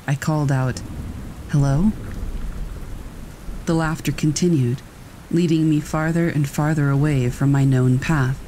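A man calmly reading a scripted scary story aloud. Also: a little high, a little hiss or hum, rough recording. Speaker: story narrator. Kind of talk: scripted horror story narration.

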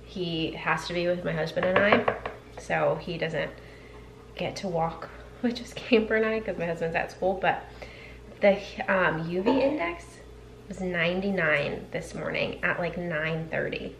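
A young woman in her twenties chatting casually in a home vlog, rambling with fillers, and switching to a high sing-song voice to call her dogs. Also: measured pace, creaky, slight background noise, poor audio. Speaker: vlogger.

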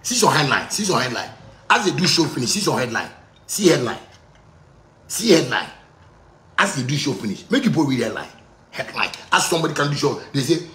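A man in his thirties with a Ghanaian Pidgin English accent, delivering a loud, excitable rant that keeps circling back on itself. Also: medium pitch, a little fast, long pauses, echoey room. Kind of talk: heated rant.

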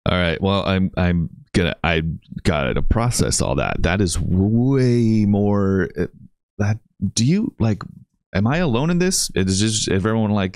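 A man hosting a casual reaction video, talking in an excitable, incredulous way and laughing often. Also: on the low side, measured pace, clear, resonant tone, no echo, clean studio sound. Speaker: YouTube reaction host.

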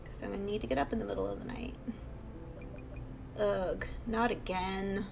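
A woman's voice: mid-range voice, steady tone, normal speed, gravelly, music in the background, low-quality recording. A young woman giving casual gameplay commentary, chatty and often talking under her breath. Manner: chatty, reacts aloud, often hushed. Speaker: let's play host.

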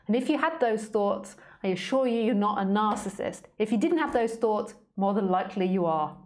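A woman's voice: mid-range voice, a little fast, hardly any pauses, a little mellow. A woman hosting a casual spiritual live stream, playful and joking with frequent laughs.

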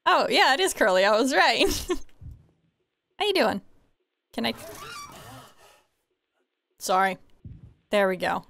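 A woman giving casual let's play commentary, chatty and laughing, often yelling profanities at characters. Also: on the high side, very animated, slow, creaky, long pauses, a little hiss or hum. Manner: profane, yells at game characters. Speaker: gamer.

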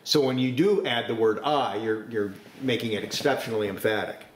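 A man preaching a sermon, forceful, with sudden rises to emphasis. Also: lowish voice, fairly quick, roomy sound, slight background noise.

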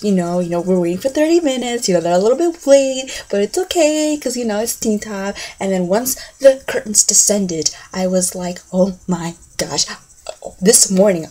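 A woman's voice: medium pitch, husky. A young woman vlogging to her camera in a casual, chatty way, full of fillers and repeated words, acting out reactions with gasps. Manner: animated, acts out fan reactions with gasps.

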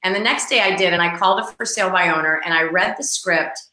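In an interview, a middle-aged real estate agent animatedly tells a story, acting out the people in her anecdote. She talks fast in a lowish voice, and the recording has a roomy echo.

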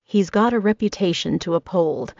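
Woman in her twenties, low gravelly voice, steady first-person audiobook read. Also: moderate pace, no echo. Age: 20s. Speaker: audiobook narrator. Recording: dry, slightly dull audio.

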